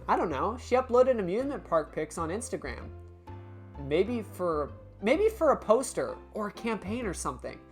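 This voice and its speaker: A woman's voice: medium pitch, very animated, normal speed, darkish tone, pitched above the performer's own voice, lightly acted. Woman doing a bubbly young woman, teasing, game voice, faint music behind. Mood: chirpy. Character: chirpy young woman, pushy and upbeat.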